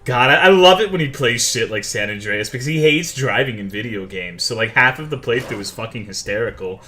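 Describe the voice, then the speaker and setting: Expressive and a little fast, his mid-range voice has a sharp edge, with some hiss or hum in the recording. The young streamer banters profanely with his audience and reads their chat aloud between jokes.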